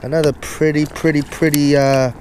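A man's voice: a little high, level tone, normal speed, background noise. A man vlogging from a kayak on the ocean, chatting casually while he fishes, coaxing and scolding his catch with frequent exclamations, recorded on a camera-mounted mic. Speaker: fishing vlogger. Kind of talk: casual play-by-play while fishing. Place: on a kayak on the open ocean, outdoors. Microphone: camera-mounted external mic.

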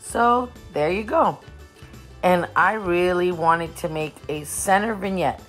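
A woman's voice: fairly low pitch, slow. Bubbly, chatty woman in an echoey room. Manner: bubbly, gushing, repeats herself; rambling, talkative. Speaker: home decor vlogger. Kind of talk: casual chatty vlog and voice-over. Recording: roomy echoey room, faint music.

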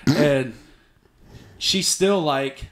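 A young man, a podcast guest, telling a story in a profane, animated way and acting out shouted quotes. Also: on the high side, drawn-out words.

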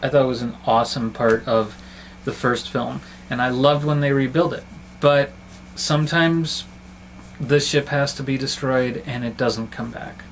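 A man reviewing a film in a relaxed vlog, his pitch sitting in an ordinary middle range. He talks in a chatty, affectionate way, often circling back and restarting his sentences. A faint noise hums under the recording. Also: measured pace, rough recording. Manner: chatty, fond and rambling, with frequent restarts.

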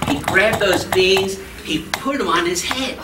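Animated male storyteller in an echoey room. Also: a little slow. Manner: animated, asks the children questions, voices rise high in excitement. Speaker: storyteller and folk singer. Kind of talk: live storytelling for children. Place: school room with a child audience. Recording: echoey room from far off, noisy.

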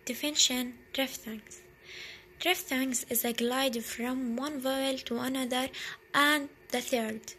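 A young woman student giving a slow, deliberate classroom presentation on pronunciation, repeating each example word. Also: sits high, fairly even intonation, pushed and bright, a little hiss or hum, rough recording. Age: young adult.

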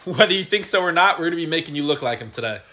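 A man's voice: a little high, animated, rapid-fire, bright, forceful tone. A young man making comedy videos with his father, casual and teasing. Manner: teasing, playful.

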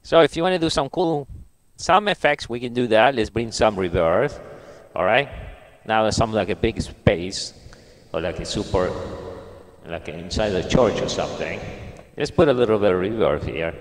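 A man's voice: on the low side, normal speed, in a large hall. A man co-hosting a livestream, casually testing microphones and voice effects while talking through it. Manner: relaxed, talking while fiddling with gear. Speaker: co-host.

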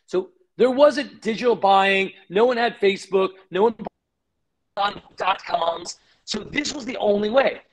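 Middle-aged man, high voice, energetic, punchy storytelling, interview guest. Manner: energetic, punchy, quotes people in quick bursts. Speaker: guest, company founder.

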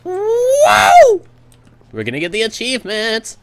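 A man giving excitable let's play commentary, whooping, joking and swearing as he plays. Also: sits high, moderate pace. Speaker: gamer.

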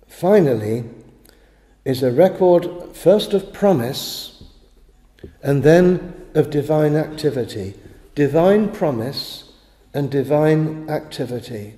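A man preaches a sermon with a slightly high but very dark, mellow voice. He speaks in measured phrases and stumbles over small words before pressing on. The chapel around him rings with a long, roomy echo. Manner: measured preaching with halting restarts. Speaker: pastor. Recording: echoey chapel with long reverb.

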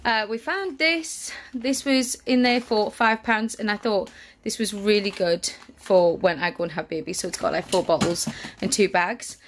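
With a mid-range voice at a moderate pace, a pregnant young family vlogger chats breathlessly through a grocery haul for her family. She laughs easily and keeps correcting herself in this casual talk.

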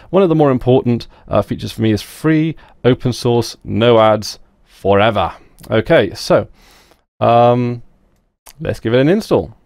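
Young male tech vlogger, relaxed and chatty, a bit of fry, dry close sound. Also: lowish voice, no room sound. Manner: relaxed, chatty, many fillers. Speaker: tech video host. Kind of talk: casual screen-recorded app walkthrough.

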